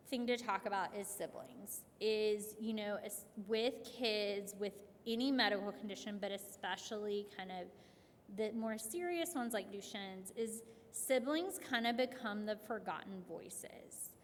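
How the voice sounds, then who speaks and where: A woman clinician giving a conversational workshop talk to families, telling stories in a lively way with frequent restarts. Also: fairly high pitch, slight background noise. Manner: conversational, animated storytelling with many restarts and "like". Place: event hall. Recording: long hall reverb.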